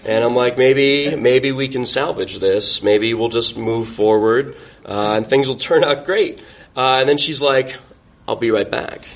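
A man's voice: medium pitch, a little slow. A young man on a podcast, wryly telling a self-mocking personal story and laughing through it. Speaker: podcast guest.

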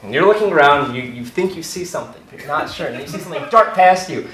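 Young guy doing a stage story, bouncy high-ish voice, roomy hall, heard from a ways off. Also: fast talker, distant mic, a crowd in the background. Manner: animated, laughing through his story. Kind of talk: stand-up storytelling. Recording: echoey hall, mic from afar, audience noise.

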